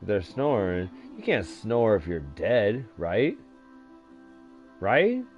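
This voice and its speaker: A man's voice: on the low side, sing-song, takes it slowly. A young man rambling crudely through a casual story, swearing constantly and stumbling over fillers. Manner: profane, crude, loose storytelling with many fillers. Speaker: vlogger. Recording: dull lo-fi sound with faint music.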